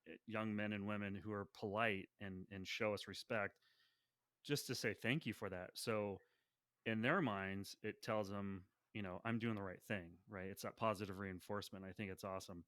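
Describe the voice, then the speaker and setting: A man's voice: lowish voice, fairly even intonation, normal speed, a bit bright, no echo, clean studio sound. A man hosting a podcast interview, listening with frequent short replies and encouraging comments. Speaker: podcast host. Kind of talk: interview host.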